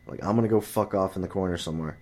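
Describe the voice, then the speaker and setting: Man telling a story, casual rant, lots of swearing, lowish voice, mimics people in a high voice. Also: racing, warm tone. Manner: profane, exasperated storytelling; jumps high to mimic chatty friends and women.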